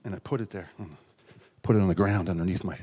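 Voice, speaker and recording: A middle-aged man from the United States telling a raw, confessional personal story on stage, with sudden loud outbursts and hushed asides. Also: low voice, fast talker, slightly rough. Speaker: keynote speaker. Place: large hall on stage. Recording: stage talk with long hall reverb.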